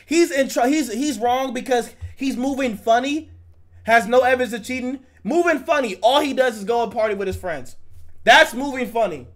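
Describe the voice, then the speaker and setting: A man's voice: extremely high pitch, normal speed. A man streaming live, reacting to a video with heated, profane commentary.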